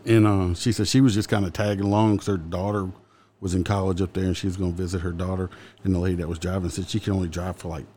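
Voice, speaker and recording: Southern cop guy, lowish warm voice, dry jokey storytelling. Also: flat delivery, fast talker, slight background noise. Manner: wry, joking, laughs at his own punchlines. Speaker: police officer. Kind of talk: casual storytelling chat.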